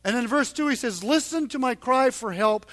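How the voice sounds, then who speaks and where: A male pastor preaching a sermon to his congregation in church, earnest and emphatic, growing louder on the points he stresses. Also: very high voice, moderate pace.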